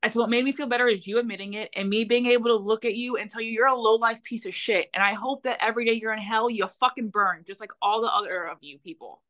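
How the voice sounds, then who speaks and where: A woman's voice: fairly high pitch, quick pace, few pauses, a bit bright. A young adult woman, a podcast guest, telling a painful personal story in a blunt, heated way with frequent swearing.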